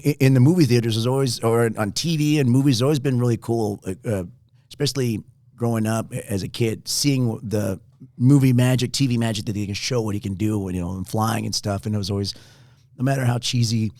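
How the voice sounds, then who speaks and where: A man's voice: mid-range voice, a little fast, darkish tone, no echo, studio quality. A man co-hosting a casual podcast chat, rambling with lots of fillers and frequent laughs. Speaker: podcast co-host.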